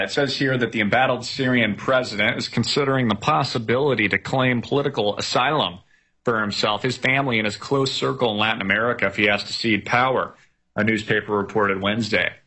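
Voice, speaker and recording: A man reads out news stories and comments on them in a rambling, sarcastic way, stumbling through fillers. His voice is bright and forceful with a slightly husky edge. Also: mid-range voice. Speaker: commentary show host.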